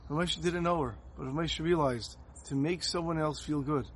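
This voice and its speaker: A man's voice: fairly high pitch, moderate pace. Guy giving a torah talk, earnest storyteller, bit of hiss behind. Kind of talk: sermon with storytelling.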